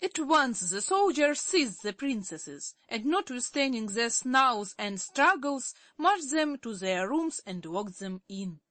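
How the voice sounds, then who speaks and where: Slow, expressive woman audiobook narrator. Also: fairly high pitch, no room sound. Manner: expressive, deliberate. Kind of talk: scripted narration.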